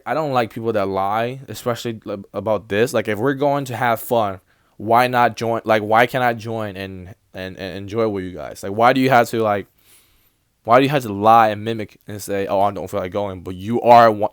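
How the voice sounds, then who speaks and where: Smooth young man telling a rambling story. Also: mid-range voice, dry recording, clean studio sound. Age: young adult. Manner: rambling, many restarts and quoted dialogue. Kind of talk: casual storytime.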